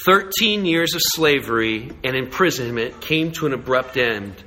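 A middle-aged man preaches a sermon in a bright, ringing voice that sits a little high. He slows down to hammer his points, then rushes through side remarks and drops to a hush when acting out characters. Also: rough recording. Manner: dramatic, swings between slow emphatic lines and quick asides; acts out voices of the brothers in hushed tones. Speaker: pastor.

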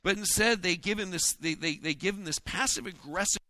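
A man preaching a sermon in a folksy, joking way, acting out the disciples' lines in quick asides. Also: sits high, sharp tone, no room sound. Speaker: pastor.

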